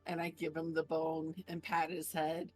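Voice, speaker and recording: A woman's voice: low-pitched, completely flat delivery, moderate pace, dry recording, soft background music. A woman playing a tabletop role-playing game, describing her character's actions with a giggly manner. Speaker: player.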